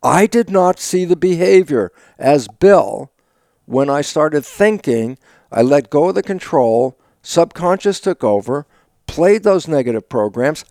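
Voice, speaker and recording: An older man talks as an interview guest, his voice gravelly and a touch high for a man. He acts out his own dialogue, breaks into sudden loud bursts and laughs often. The recording is dry and close, with no room sound. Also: animated, a little slow, dry recording. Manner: laughs often while talking. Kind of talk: animated conversational storytelling.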